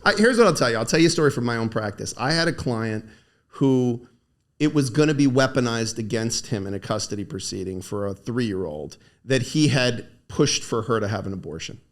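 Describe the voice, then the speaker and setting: A man's voice: medium pitch, a little fast. A young adult man, a lawyer, co-hosting a casual podcast conversation and telling stories from his practice with acted-out quotes. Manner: animated storyteller, acts out quoted speech. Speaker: co-host, lawyer.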